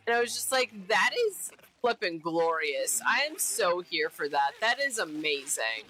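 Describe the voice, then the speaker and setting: A woman's voice: on the low side, lively intonation, unhurried, few pauses, pushed and bright, rough recording. A woman streamer chatting casually while she plays a game, bubbly and repeating herself often. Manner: bubbly, repeats herself, giggly silly name-calling.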